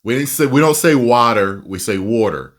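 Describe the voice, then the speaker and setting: A man's voice: mid-range voice, a little fast. A man with a New Jersey accent hosting a casual reaction video, ranting and laughing as he talks. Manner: animated, laughing, rambling rants.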